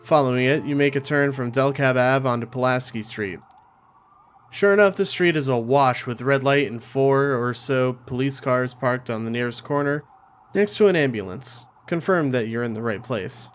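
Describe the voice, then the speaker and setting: A man's voice: medium pitch, moderate pace, a little hiss or hum. Man reading a game aloud. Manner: casual asides between narration. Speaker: let's play host. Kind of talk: reading a visual novel aloud with commentary.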